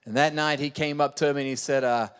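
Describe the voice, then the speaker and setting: A man's voice: mid-range voice, steady tone, fast talker, fairly bright tone, smooth, big-room sound. A male pastor preaching a sermon, emphatic and given to repeating key phrases. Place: church auditorium.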